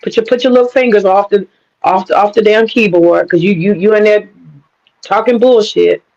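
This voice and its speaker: A woman's voice: medium pitch, moderate pace, a little mellow. Guest caller, female, dull lo-fi line, insistent, repeats herself, crude and mocking. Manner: insistent, repeats phrases for emphasis. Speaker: guest caller on a live stream panel. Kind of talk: heated live stream argument. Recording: dull lo-fi stream audio.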